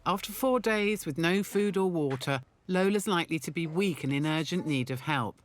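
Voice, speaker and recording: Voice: medium pitch, animated, normal speed, slight background noise. A documentary narrator with a playful, punning delivery, reading a scripted voice-over. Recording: voice-over with loud music bed.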